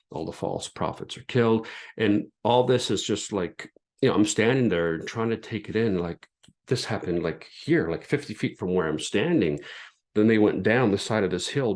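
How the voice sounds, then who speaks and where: Middle-aged man, deep voice, earnest podcast host, reflective storyteller who restarts his sentences. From Canada. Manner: earnest, reflective, with frequent restarts and filler phrases. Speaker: podcast host and former pastor. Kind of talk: personal storytelling monologue.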